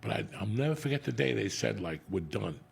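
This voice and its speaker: A middle-aged comedian tells a story in loose, profane chat. His voice is low, rough and gravelly, with a husky edge. He talks bluntly and with lots of animation. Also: expressive, fast talker. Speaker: comedian podcast host.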